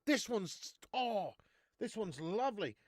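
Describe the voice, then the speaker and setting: A man's voice: sits high, sing-song, slow pace, dry recording, studio quality. A man hosting a live beer-review stream, chatting casually, laughing often and calling his viewers mate.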